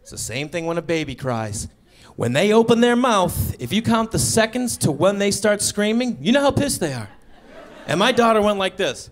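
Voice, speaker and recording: A man in his thirties performing a stand-up comedy set, telling stories in a deadpan, conversational way into a handheld stage mic. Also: high-pitched, normal speed. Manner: deadpan, conversational storytelling with acted-out asides. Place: comedy stage before a live audience.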